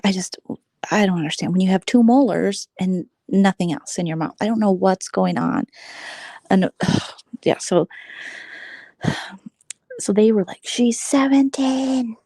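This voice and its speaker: A woman hosting a casual late-night vlog chat, rambling through gossip and often sinking into a hushed whisper. Her voice has a gravelly fry and a mellow, dark tone, recorded dry and close. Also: mid-range voice, slow, pauses often, dry recording. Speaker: vlogger host.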